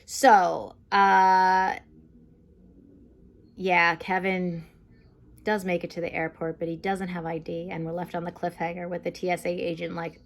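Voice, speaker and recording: Young woman w/ lotsa vocal fry, kinda low voice, rambling through a tv recap, says "like" constantly. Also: level tone, a little slow. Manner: chatty, lots of fillers like "like" and "um", acts out quotes. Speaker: TV episode reviewer. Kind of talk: casual spoken recap and review.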